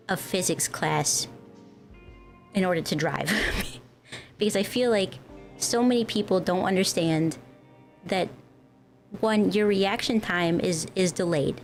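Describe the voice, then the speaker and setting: A young woman from the northern United States, chatting casually with her stream viewers in a rambling, giggly way. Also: on the low side. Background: faint music.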